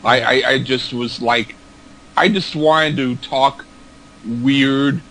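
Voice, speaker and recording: A man co-hosting a podcast, talking casually in a halting, rambling way and repeating words. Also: medium pitch, fairly even intonation, a bit bright, slight background noise, low-quality recording. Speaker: podcast co-host. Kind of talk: casual chat.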